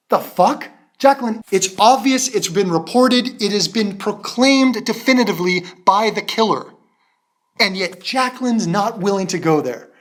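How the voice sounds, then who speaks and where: A man hosting a reaction commentary, ranting in a profane, mocking and exasperated way. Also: sits high. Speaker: commentary channel host.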